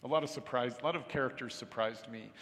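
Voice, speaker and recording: Gravelly middle-aged man in a reverberant hall. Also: medium pitch, fast, a bit bright, slight background noise. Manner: rambling and self-deprecating, acting out quoted remarks. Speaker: author. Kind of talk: live onstage interview. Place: hall with an audience.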